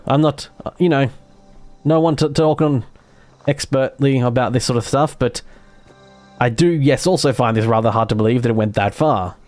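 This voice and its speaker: A man's voice: mid-range voice, darkish tone. An Australian man commentating live gameplay and chatting with viewers, rambling and self-deprecating, with casual swearing and many fillers. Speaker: game streamer.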